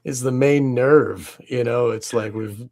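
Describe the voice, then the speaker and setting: A man co-hosting a casual podcast, reflecting slowly and stumbling through hesitations before landing his point. His voice is gravelly at a middle pitch. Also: darkish tone. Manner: halting, reflective, many hesitations. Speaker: podcast co-host.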